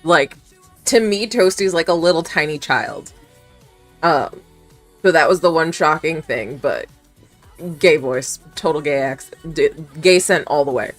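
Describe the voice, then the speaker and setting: A woman's voice: sits low, animated, unhurried, soft background music. A young woman streamer chatting casually with her chat, rambling, giggling often and swearing offhand.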